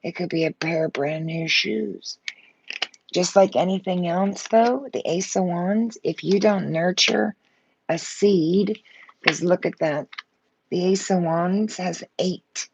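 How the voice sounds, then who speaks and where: Gravelly fired-up woman reading tarot. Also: fairly low pitch, takes it slowly, slight background noise, rough recording. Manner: blunt, fired up, swears freely. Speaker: tarot reader.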